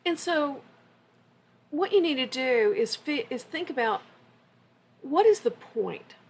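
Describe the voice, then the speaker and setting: A woman's voice: high voice, lively intonation, slow pace, a little hiss or hum. A middle-aged woman co-hosting a podcast, telling stories in a casual, anecdotal way. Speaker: podcast co-host. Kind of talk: casual conversation.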